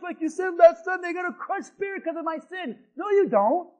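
A male pastor with a strikingly high voice delivers an impassioned sermon. He drops to near-hushed asides, then rises into shouted, repeated refrains. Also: lively intonation, brisk, dull audio.

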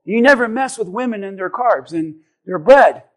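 A man preaching a sermon to his church, impassioned, often shouting and slowing down for emphasis. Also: high voice, expressive. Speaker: pastor.

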